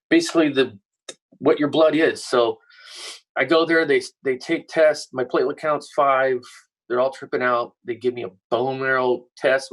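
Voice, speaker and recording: On a podcast, a middle-aged male guest with a medium-pitched voice tells a story in a casual, animated way, swearing plenty. The recording quality is low.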